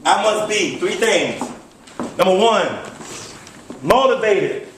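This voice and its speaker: A man with a high voice delivers a motivational speech from a distance, and his words boom around a big echoey hall. He gives orders and leads call-and-response, repeating each line over and over, with a faint hiss under it all. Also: slow, a bit bright. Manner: commanding call-and-response, repetitive. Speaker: motivational speaker. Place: large hall before an audience.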